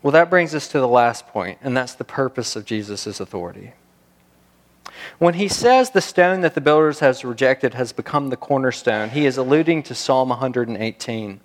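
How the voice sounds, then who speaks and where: A man preaching a sermon, animated and building to emphatic peaks, often restarting his words as he goes. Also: medium pitch, normal speed. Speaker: pastor. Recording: reverberant hall.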